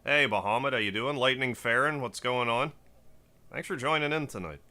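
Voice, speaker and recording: A man's voice: medium pitch, normal speed, pushed and bright. A man chatting casually on a game livestream, greeting viewers by name between play. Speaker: game streamer. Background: faint game music.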